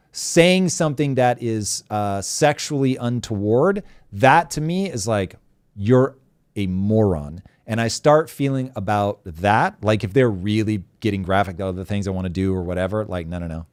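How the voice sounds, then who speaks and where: Low voiced guy hosting a live show, blunt and animated, dry studio mic. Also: normal speed, clear, resonant tone, no room sound. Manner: blunt, animated, swears freely. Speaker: host. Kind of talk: casual live show chat.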